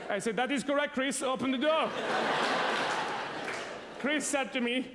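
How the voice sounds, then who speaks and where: High-voiced preacher in a reverberant hall. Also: male voice, moderate pace, a crowd in the background. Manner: animated storyteller, laughs often, acts out sounds and voices. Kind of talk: sermon with a humorous personal story.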